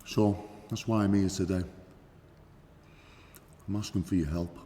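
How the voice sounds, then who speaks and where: Guy doing a cocky low-voiced hitman, drawls out his brags, swears a lot, echoey hall w faint background hum. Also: steady tone, warm tone. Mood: boastful. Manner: swaggering, profane, drawn-out emphasis. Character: boastful crude male hitman telling war stories. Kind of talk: acting class character monologue.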